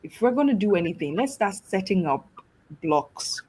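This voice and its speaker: Nigerian woman guest on a talk show, husky voice, animated and laughy. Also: mid-range voice, normal speed, low-quality recording. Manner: lively, laughing, switches into mimicked voices.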